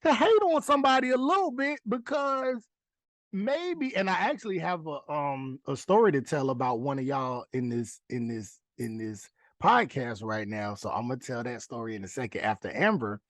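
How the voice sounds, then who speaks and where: A man co-hosting a casual podcast, talking playfully and halting with many restarts. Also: mid-range voice, fairly bright tone, no room sound. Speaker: podcast co-host.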